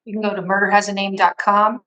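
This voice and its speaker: A woman who directs a foundation, explaining in a measured way where people can find its website. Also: mid-range voice, level tone, bright, forceful tone, lo-fi sound. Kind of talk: interview answer.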